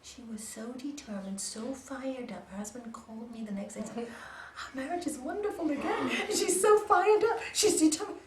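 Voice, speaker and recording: A woman yoga teacher giving an animated storytelling talk to a group, acting out dialogue and laughing often. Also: high voice. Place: yoga centre room. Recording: echoey room from a distance.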